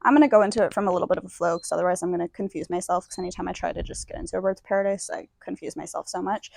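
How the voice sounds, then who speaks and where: A woman's voice: mid-range voice, fast, vocal fry, a little hiss or hum. A young woman giving a casual, chatty yoga demonstration, a little out of breath from moving through poses. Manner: chatty, self-deprecating, demonstrating poses while talking. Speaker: yoga instructor. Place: indoor room, yoga mat.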